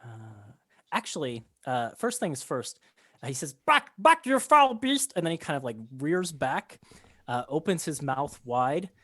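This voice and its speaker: A man's voice: medium pitch, lively intonation, a little slow, no room sound, studio quality. A man narrating as game master of a tabletop game, describing scenes with many ums and restarts.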